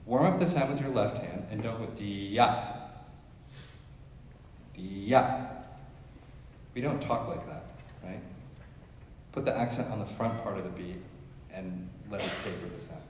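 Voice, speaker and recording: A man coaching a school string orchestra in rehearsal, giving brisk instructions, singing phrases and counting the players in. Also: lowish voice, darkish tone, a little hiss or hum. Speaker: orchestra clinician. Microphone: distant camera mic. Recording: echoey hall from far off, orchestra audible. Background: string orchestra playing.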